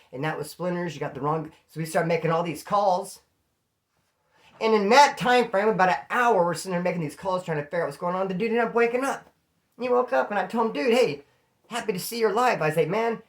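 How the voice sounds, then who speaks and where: Male storyteller, casual and animated, jumps into the voices of people in his stories. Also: sits high. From California. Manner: animated, acts out quoted voices. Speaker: storyteller host.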